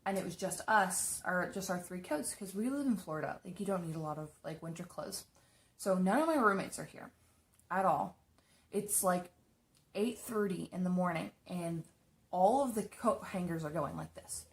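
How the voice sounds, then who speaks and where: A woman's voice: fairly low pitch, normal speed. A young woman casually telling spooky personal stories from her apartment, chatty and swearing freely. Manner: chatty, swears often, animated retelling. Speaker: beauty vlogger. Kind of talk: casual storytelling.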